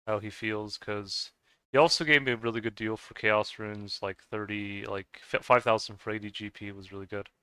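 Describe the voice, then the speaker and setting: Man with a Scottish-sounding accent, crisp. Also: on the low side, steady tone, normal speed, bright, forceful tone, dry recording. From United States. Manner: rambling, answers chat questions. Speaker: game streamer. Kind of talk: casual livestream chat.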